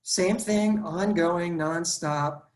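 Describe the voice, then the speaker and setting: A man's voice: high voice, very slow. A male fitness instructor leading a live online workout class, counting reps aloud and giving step-by-step cues over a video call. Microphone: video call computer mic. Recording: roomy echo.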